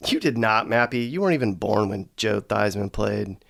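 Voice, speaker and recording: A man hosting comedic scripted narration with sarcastic, deadpan asides. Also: fairly low pitch, moderate pace, creaky. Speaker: host.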